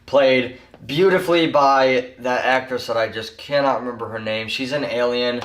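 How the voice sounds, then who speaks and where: A man talks through a TV show review in a loose, rambling way, leaning on fillers as he goes. His voice sits at an ordinary middle pitch. The room is echoey, and he is some distance from the mic. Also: moderate pace, a bit bright. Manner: rambling and chatty, full of "like" and "um". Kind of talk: casual spoken review.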